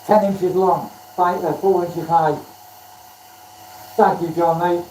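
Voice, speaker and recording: A man's voice: fairly high pitch, steady tone, slow, mellow, slight background noise. A man chatting casually on a live stream from his home workshop, self-deprecating and thanking viewers by name as he works. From Wales. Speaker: woodturning livestreamer. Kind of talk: casual live-stream chat while working. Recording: echoey workshop, mic at a distance.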